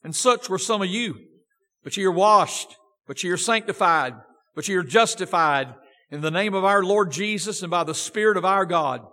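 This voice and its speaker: Baptist-style pastor, high-pitched man, emphatic scripture reading, long church echo. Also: animated, moderate pace, bright, forceful tone. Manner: emphatic, reads scripture with feeling, rhetorical questions. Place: church sanctuary. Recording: long church-hall reverb.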